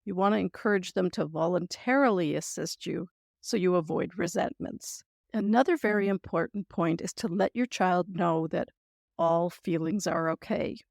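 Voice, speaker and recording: A woman hosting a parenting podcast, giving gentle, reassuring advice and sample phrasings in a scripted talk. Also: fairly low pitch, moderate pace, vocal fry, no room sound, studio quality.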